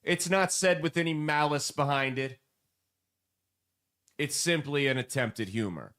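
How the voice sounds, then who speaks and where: A man hosting a political commentary show, animated and sarcastic, mocking the people he quotes. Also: a little high, a little slow. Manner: animated, sarcastic, mocking voices when quoting.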